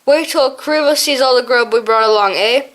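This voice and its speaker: A woman's voice: high voice, normal speed, fairly bright tone. Lady doing a young badger boy, earnest, curious.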